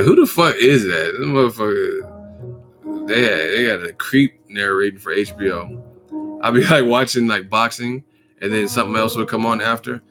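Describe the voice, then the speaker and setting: Over music, a man hosts a live boxing chat at a normal pace, casual and profane and packed with slang and laughter. As a joke, he sometimes drops into a deep announcer voice.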